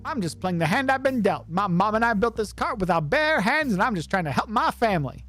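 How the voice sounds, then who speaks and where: A man voicing an eager young male rodent street vendor, chirpy and scheming in a high voice. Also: big pitch swings, brisk, a bit bright, full character voice. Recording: faint music behind.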